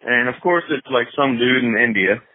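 A man's voice: mid-range voice, normal speed, no echo. A man telling a long, rambling story in casual podcast chat, swearing often and laughing as he goes. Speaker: podcast co-host. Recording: dry, phone-like narrow sound.

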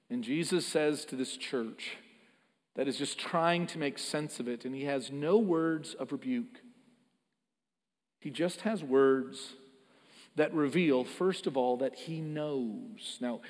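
A man preaching a sermon, earnest and emphatic, often repeating words as he builds a point. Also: on the high side. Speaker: pastor. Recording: long hall reverb.

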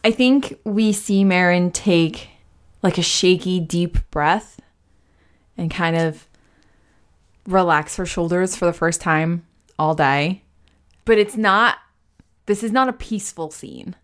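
A woman's voice: fairly low pitch, takes it slowly, pauses often. Woman casually describing her character. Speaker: player. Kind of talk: tabletop game play.

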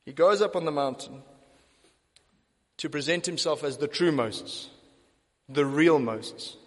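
A man preaching a sermon in a church hall, his fairly high voice carried by a long reverb. He speaks emphatically, repeating key phrases to drive them home. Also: a little slow, a bit bright.

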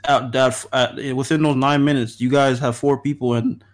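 Measured man, middle pitch. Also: flat delivery. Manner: measured, lays out points in order, stammers on restarts. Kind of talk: casual podcast discussion.

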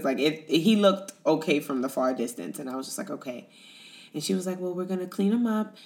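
A woman's voice: low-pitched, a little mellow. A woman podcast host telling a personal story in a candid, conversational way, often calling her listeners "y'all.".

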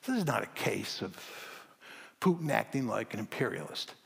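A man giving a public lecture to an audience, arguing his point forcefully and hammering it home with emphatic repetition. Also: on the low side, big pitch swings, normal speed, vocal fry, breathy edge, in a large hall.

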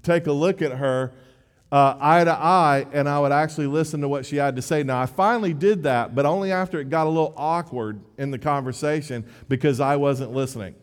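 Fairly high-pitched and a bit quick, a man preaches casually and pokes fun at himself, repeatedly beginning his sentences again. His voice echoes with long hall reverb.

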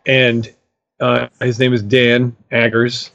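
A man's voice: mid-range voice, level tone, slow, vocal fry, a bit bright, no room sound. A middle-aged man talks about his music as a guest, enthusiastic and rambling. His speech is full of fillers and restarts. The recording sounds dull and dry. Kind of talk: casual storytelling interview.

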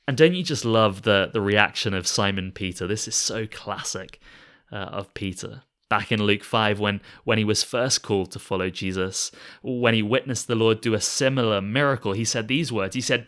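A man giving a conversational sermon, earnest and warm. He often repeats a word as he restarts a phrase, and he reads scripture aloud. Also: lowish voice, moderate pace. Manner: reads scripture aloud and acts out short quoted lines. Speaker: preacher.

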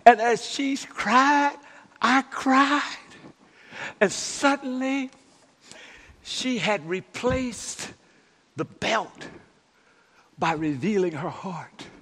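A male pastor preaching a sermon, calling out to the congregation and swinging from shouted lines to hushed near-whispers. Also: extremely high pitch, drawn-out words, long pauses. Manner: calls out to the congregation.

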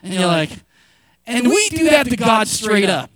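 High-voiced male pastor preaching. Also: sing-song, a little slow, no room sound. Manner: conversational and joking, rising to shouted emphasis. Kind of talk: sermon.

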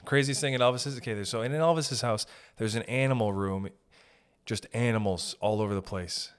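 A young podcast host with a lowish, clean-toned voice talks fairly quickly. He rambles through a comedic monologue, cutting himself off often and swearing casually.

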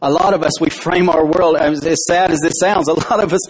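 Husky high-voiced male pastor preaching. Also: steady tone, fairly quick, low-quality recording. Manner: conversational preaching with questions to the congregation. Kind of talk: sermon. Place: church.

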